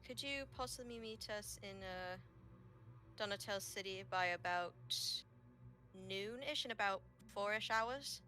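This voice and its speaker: A woman's voice: mid-range voice, unhurried, pushed and bright. A woman playing a caring young adventurer who speaks politely and hesitantly, with fillers, in a tabletop game. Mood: earnest.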